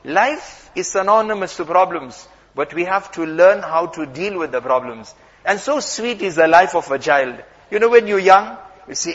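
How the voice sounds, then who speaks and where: A man's voice: sits high, animated, moderate pace, hardly any pauses, fairly bright tone. A man preaching a sermon, telling stories and acting out the dialogue. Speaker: Islamic preacher. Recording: muffled sound in a reverberant hall.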